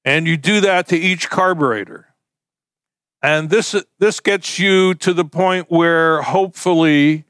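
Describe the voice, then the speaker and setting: Folksy, clear-voiced male preacher. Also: on the high side, fairly bright tone, dry recording. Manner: conversational, folksy, with homespun illustrations. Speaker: pastor. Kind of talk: sermon.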